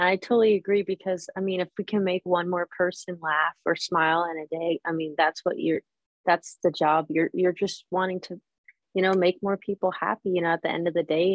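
A woman's voice: lowish voice, level tone, fairly quick, no echo, lo-fi sound. A woman hosting a casual interview, chatty and encouraging toward her guest. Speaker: host.

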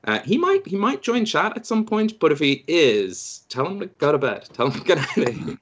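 A man hosting a casual podcast chat, jokey and quick to laugh. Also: on the high side, sing-song. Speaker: podcast host.

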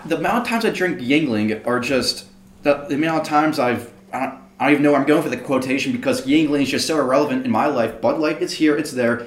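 A man's voice: medium pitch, roomy sound. A man from Pittsburgh on a casual podcast, ranting in a fired-up way and laughing at himself. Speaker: podcast co-host. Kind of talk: casual chat.

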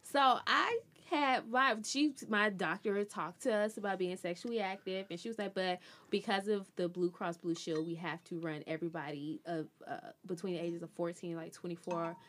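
A young woman, telling a story in casual chat, animated and laughing, quoting others in high voices. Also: normal speed, hardly any pauses. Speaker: podcast co-host.

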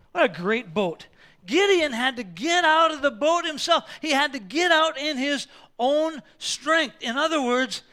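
A male pastor preaching a sermon, animated and acting out Bible scenes with props and quoted voices. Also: very high-pitched.

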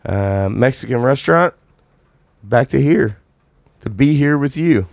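A man with a mid-pitched voice co-hosting a casual podcast. He rambles in a relaxed way, with plenty of fillers, and laughs along easily. The recording is dry and close. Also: a little slow, gravelly, no room sound. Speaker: podcast co-host. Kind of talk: casual chat.

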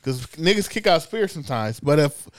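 A podcast co-host with a high, lively voice that moves up and down a lot. He teases and jokes, and he is quick to laugh in loose, casual chat. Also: heavy background noise. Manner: playful, teasing, quick to laugh.

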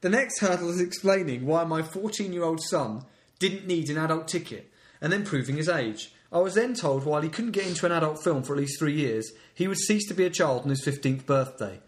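A man co-hosting a podcast, reading out local news in a mocking, exasperated voice. His voice sits a little high and swings widely in pitch. The room around him sounds echoey and roomy. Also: expressive, brisk. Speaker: podcast co-host. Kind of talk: casual comedic chat, reading news aloud.

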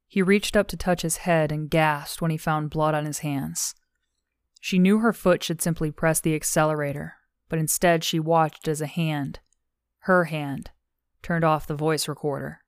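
A woman narrating an audiobook in measured, even storytelling, recorded on a close studio mic. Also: deep voice, clear, resonant tone, no echo.

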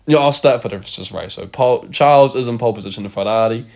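A man in casual podcast chat, telling a story in an animated way, swearing freely and laughing often. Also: mid-range voice, quick pace, gravelly.

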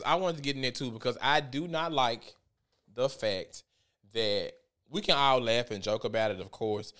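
A man giving casual commentary on a vlog, animated and profane as he tells a story. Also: mid-range voice, clear, resonant tone. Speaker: vlogger.

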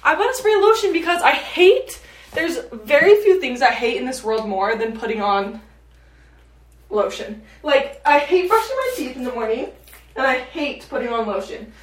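With a high-pitched, animated voice at a moderate pace, a young woman in her late teens hosts a podcast in a chatty, wandering style full of fillers. She's recorded from a distance in an echoey room.

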